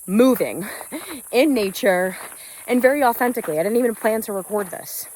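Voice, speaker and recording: A woman's voice: mid-range voice, moderate pace, darkish tone. Earnest woman vlogging on a hike. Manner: earnest, uplifting, loose and rambling with fillers. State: slightly out of breath from hiking. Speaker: spiritual business coach. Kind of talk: unscripted motivational vlog on a walk. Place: outdoors on a hiking trail in nature. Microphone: phone without an external mic. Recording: faint outdoor noise, phone mic. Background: crickets and insects.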